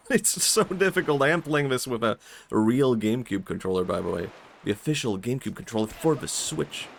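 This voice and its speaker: Vocal fry runs through the low voice of a young Swedish man who streams a game, chatting casually and laughing a lot in his Swedish accent. There's a little hiss or hum on the recording, plus faint game music.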